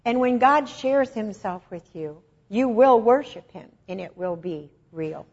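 A woman giving a personal testimony sermon, emotional and swelling louder on key phrases. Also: medium pitch, lively intonation, measured pace. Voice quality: husky. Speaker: Christian speaker. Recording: dull lo-fi recording.

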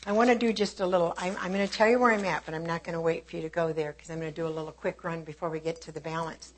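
A woman's voice: fairly low pitch, fairly even intonation, very fast. Fervent woman preacher. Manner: fervent, swings between hushed and emphatic. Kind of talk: sermon with opening prayer.

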